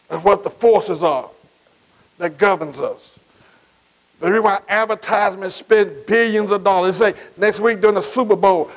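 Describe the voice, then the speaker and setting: High-voiced man preaching with call-and-response. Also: low-quality recording. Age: middle-aged. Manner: call-and-response, asks the congregation questions; Black church preaching cadence, repeats phrases. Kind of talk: sermon.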